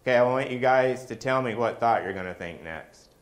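A man's voice: medium pitch, animated, a little fast. A middle-aged man preaching a sermon in a conversational way, often asking the congregation questions.

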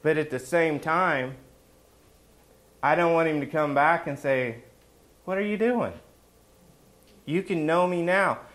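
A man preaching a conversational sermon as a pastor, animated and often asking the congregation questions. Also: on the high side, measured pace.

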